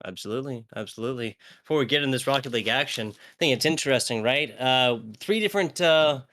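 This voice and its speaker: A man's voice: mid-range voice, fast, sharp tone. An American man casting a live esports match, joking and rambling with lots of fillers. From United States. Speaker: esports caster. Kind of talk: live esports play-by-play and banter.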